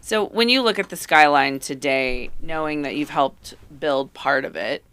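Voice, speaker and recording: Bright woman hosting a chat show, smooth voice, attentive questions. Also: sits low, normal speed. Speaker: podcast host. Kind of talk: casual interview chat.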